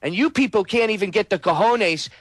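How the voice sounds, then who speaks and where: Angry high-voiced man ranting. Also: a little fast, dry recording. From United States. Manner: angry, shouting, profane and preachy. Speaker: host. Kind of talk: angry political rant.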